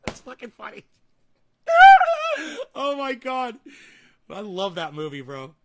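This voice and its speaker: A man's voice: sits high, big pitch swings, takes it slowly, pauses often, heavy background noise. A young man hosting a livestream, reading and answering comments in a profane, combative, sarcastic rant. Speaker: livestream host. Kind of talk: ranting livestream chat.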